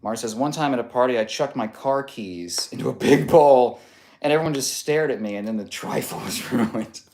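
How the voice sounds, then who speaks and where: A man's voice: mid-range voice, normal speed, a little mellow. A man reading out chat comments on a casual live stream, joking and laughing often. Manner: playful, laughs often, reads comments aloud.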